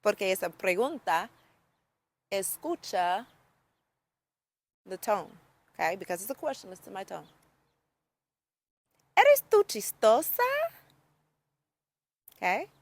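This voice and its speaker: A woman's voice: mid-range voice, lively intonation, normal speed, long pauses, a little hiss or hum. A woman giving a casual video lesson on Spanish, upbeat and chatty, often checking in with "okay?" and "right?". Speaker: Spanish teacher.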